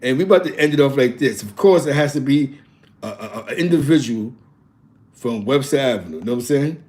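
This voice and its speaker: A man hosts with mixtape-DJ swagger, repeating the same hype tag and rattling off shoutouts. His voice sits in an ordinary middle pitch, loose and unpolished. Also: expressive, fairly quick. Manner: repetitive hype, lots of shoutouts. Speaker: host.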